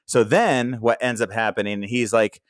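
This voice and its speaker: A man's voice: mid-range voice, normal speed, no echo, studio quality. A man co-hosting a crude casual podcast, telling stories and acting out the lines of angry callers. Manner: animated storytelling, acts out callers' lines; frequent laughter. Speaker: podcast co-host.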